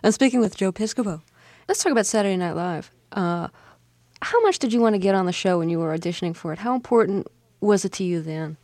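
A woman asks an interviewer's questions at a brisk clip, direct and probing. Her voice is mellow and the room is dry. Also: medium pitch, expressive, no echo.

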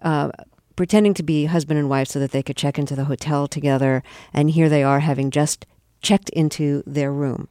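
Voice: mid-range voice, fairly even intonation, normal speed, dark tone, no echo, clean studio sound. An interview host asking curious questions and laughing easily.

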